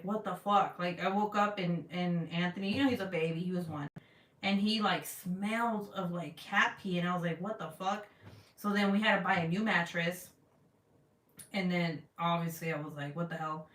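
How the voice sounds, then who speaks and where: A woman's voice: fairly low pitch, fairly bright tone. Woman, thirties, casual vlog chat, blunt, swears a lot, roomy room, distant mic. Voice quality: blunt, swears often, chatty storytelling. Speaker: vlogger.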